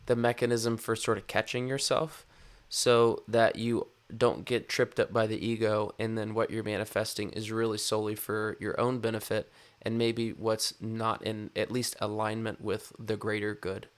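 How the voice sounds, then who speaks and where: A man hosting a podcast, asking questions in a measured and thoughtful way. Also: fairly low pitch, level tone. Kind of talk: interview questions.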